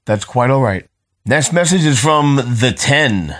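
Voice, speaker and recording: A man's voice: mid-range voice, animated, a little slow, a bit bright. A middle-aged man co-hosting a casual podcast, reading out listener messages in a dry, teasing way and laughing often.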